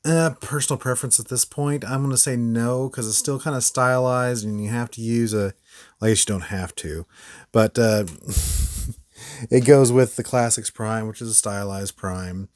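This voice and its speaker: A man's voice: medium pitch, normal speed, a little mellow. Casual man rambling through a review. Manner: rambling, frequent fillers and laughs. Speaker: toy reviewer, channel host.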